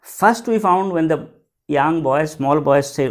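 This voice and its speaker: A man teaching a lesson, reading passages from a story and then going over each one in plain words. His voice sits a little high for a man, and he talks in the patient way of a classroom explanation. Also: expressive, takes it slowly. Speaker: English teacher.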